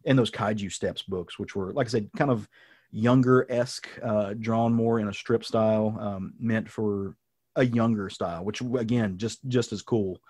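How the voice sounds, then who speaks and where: A man's voice: on the low side, steady tone, normal speed, a little mellow, husky, dry recording, studio quality. A man hosting a podcast, casually recapping a comic book story in a rambling way with many ums and asides. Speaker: podcast host.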